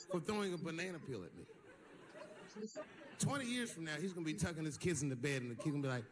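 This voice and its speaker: A man's voice: fairly high pitch, lively intonation, fast, long pauses. A man performing a stand-up comedy routine on stage, telling a story animatedly and acting out the people in it. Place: stage before a live audience. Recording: live stage recording with audience noise.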